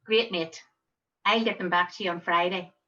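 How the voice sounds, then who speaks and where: A woman's voice: fairly low pitch, fairly even intonation, moderate pace, bright, forceful tone, highs cut off. A woman voicing a cheeky young man in a wheelchair, with a Belfast accent and a chummy, breezy manner.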